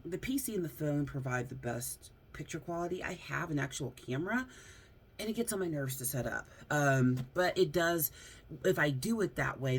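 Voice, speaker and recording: An American woman vlogging casually from home into her phone, rambling with lots of fillers and frequent laughs. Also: low-pitched. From United States. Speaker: YouTuber. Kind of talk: casual vlog chat. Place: at home, seated close to camera. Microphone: phone front camera.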